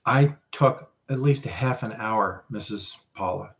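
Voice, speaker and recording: A man's voice: on the low side, measured pace. A man hosting a casual livestream, chatting with viewers in a rambling, self-deprecating way. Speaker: livestream host.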